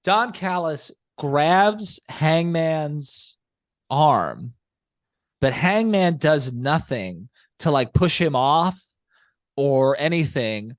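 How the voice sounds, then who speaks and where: A man's voice: a little high, lively intonation, very slow, no room sound. A man co-hosting a podcast, his voice sitting a little above the usual male range. He talks at length and picks apart what went wrong, point by point. The sound is dry and close, with no room around it. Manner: talkative, analytical, long explanations. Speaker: podcast co-host. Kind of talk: casual chat.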